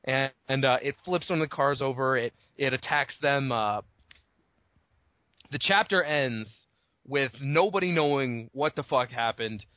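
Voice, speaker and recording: A man co-hosting a casual book podcast, retelling the story in an animated way, swearing freely and laughing often. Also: medium pitch, measured pace, dry recording. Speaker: podcast co-host. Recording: dull lo-fi dry recording.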